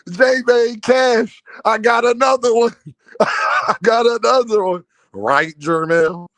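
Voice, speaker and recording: Brief: high-pitched male streamer, dry close mic, mocking and laughing a lot, slangy chat with viewers. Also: steady tone, slow, pauses often, fairly bright tone, no echo. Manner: laughs a lot, mocking, repeats a running catchphrase; talks to live chat, slangy. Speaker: boxing commentary streamer. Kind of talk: casual live-stream commentary.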